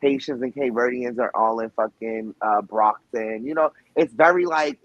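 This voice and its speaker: This guest, once a reality show cast member, is a Boston-area man with the accent to prove it. His mid-range, fairly bright voice moves at a moderate pace on a dry, lo-fi recording as he chats casually, swearing constantly, rambling and restarting often.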